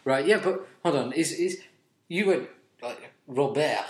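A man's voice: a little high, measured pace. Dry man in an echoey room. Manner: dry, self-deprecating, hesitant. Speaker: podcast co-host. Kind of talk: casual chat. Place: building in Montreal. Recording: roomy echo.

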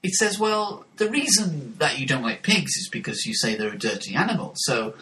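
A man chatting casually and telling an anecdote in an animated way. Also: a little high, moderate pace, low-quality recording. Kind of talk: casual chat.

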